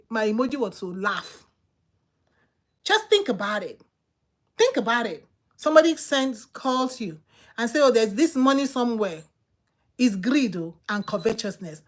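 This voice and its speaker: A woman's voice: on the high side, expressive, normal speed. A woman with a Nigerian accent, hosting a channel and giving casual, emphatic advice that she repeats for effect. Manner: emphatic, repetitive, preachy. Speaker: channel host.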